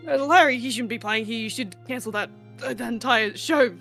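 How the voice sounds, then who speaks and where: Bright-voiced female tabletop player. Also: fairly high pitch, a little fast, creaky, faint music behind. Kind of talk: in-character tabletop play.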